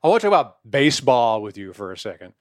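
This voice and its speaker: A man's voice: mid-range voice, sing-song, quick pace, darkish tone, no echo, studio quality. A middle-aged man co-hosting a podcast, chatting loosely and profanely with frequent laughs. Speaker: podcast co-host. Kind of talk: casual chat.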